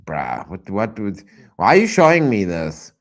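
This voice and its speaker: A man streaming reaction commentary, exasperated and loud, repeating himself and swearing often. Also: lowish voice, wildly swooping pitch, unhurried.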